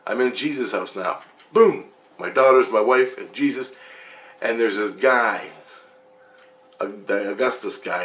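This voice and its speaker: A man with a fairly low voice telling a dream story on his vlog. He rambles, restarts and gets excited, peppering it with swearing. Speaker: vlogger.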